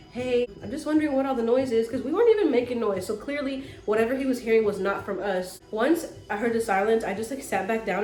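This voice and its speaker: A young woman vlogger telling a story to her viewers in a casual, animated way, cussing freely. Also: fairly high pitch, roomy sound. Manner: animated, swearing, talks to viewers as sis.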